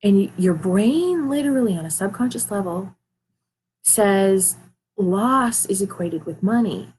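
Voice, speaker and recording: A woman's voice: medium pitch, animated, measured pace, darkish tone, slight background noise, low-quality recording. A woman life coach giving an earnest motivational talk, repeating her phrases for emphasis.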